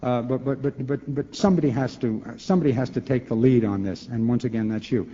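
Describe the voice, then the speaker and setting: A man in his sixties, a former governor, answering a question at a forum with animated, rhetorical talk, acting out both sides of dialogues and repeating words as he restarts. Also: medium pitch, fast. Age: 60s. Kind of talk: lecture-hall Q&A answer. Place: large lecture hall. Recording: echoey hall, dull lo-fi tape.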